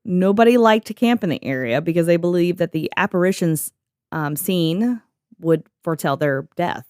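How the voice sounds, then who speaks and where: Young woman podcast host, jokes around a lot, kinda low voice, dry mic. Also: animated, normal speed, a little mellow, clear, resonant tone, no echo. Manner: jokey, laughs often, swears casually. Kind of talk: casual podcast chat reading from notes.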